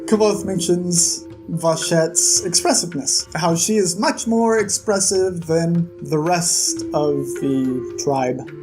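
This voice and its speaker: A vlog host giving a casual, animated recap of a novel section, with opinionated, irritated asides. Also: medium pitch, slow, hardly any pauses, music in the background. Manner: animated, chatty retelling of scenes.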